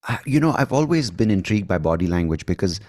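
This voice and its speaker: Indian accent guy hosting a podcast, really low voice, halting and thoughtful. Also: very animated, darkish tone. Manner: thoughtful, halting, self-correcting. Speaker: podcast host. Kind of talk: conversational interview.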